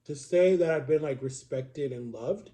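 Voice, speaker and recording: Mellow man rambling in a casual vlog. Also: on the high side, measured pace. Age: 30s. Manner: rambling, confessional, many "like" fillers. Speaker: vlogger. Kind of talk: casual personal vlog monologue.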